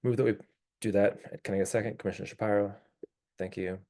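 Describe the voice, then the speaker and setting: A man's voice: on the low side, steady tone, fast, gravelly, mellow. A man chairing a public neighborhood commission meeting in a casual, clarifying way while losing his voice.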